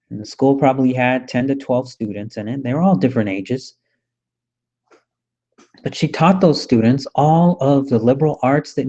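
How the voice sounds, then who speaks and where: A man's voice: medium pitch, warm tone, lo-fi sound. A man hosting an opinion talk radio show, ranting scornfully in a monologue.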